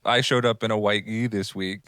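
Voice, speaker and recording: A man co-hosting a casual podcast, animated and jokey, acting out what other people say. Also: on the low side, brisk, clear, resonant tone, no room sound, studio quality. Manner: animated, jokey, acts out quotes. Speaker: podcast co-host, martial arts instructor.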